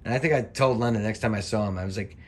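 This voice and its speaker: A middle-aged man, a former wrestling referee, giving casual, rambling commentary over old match footage and swearing freely as he gets worked up. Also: lowish voice. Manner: rambling, chatty, profane, quick to get worked up.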